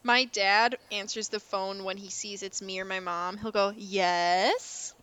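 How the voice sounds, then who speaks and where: A young woman co-hosting a podcast in casual chat, excitable and quick to laugh. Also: medium pitch, clean tone. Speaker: podcast co-host.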